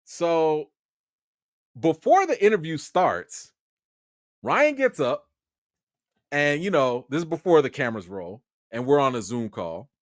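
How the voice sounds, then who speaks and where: A man from Chicago hosting a film livestream, with a voice that swings widely in pitch as he tells a story. He is excitable and animated, and the sound is close and dry with almost no room echo. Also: unhurried, pauses often. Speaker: film critic and livestream host.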